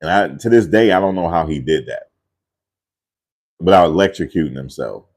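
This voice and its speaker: A man's voice: sits low, animated, moderate pace, a little mellow. A man casually telling a rambling family story in a loose, slangy way, often repeating himself.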